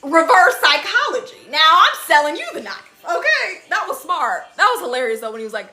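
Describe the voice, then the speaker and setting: A woman's voice: high voice, animated, moderate pace, bright, forceful tone, soft background music. A young woman hosting a casual live stream from indoors, reading viewer comments into her phone, laughing often and acting out cartoon quotes in silly voices. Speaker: TikTok live host.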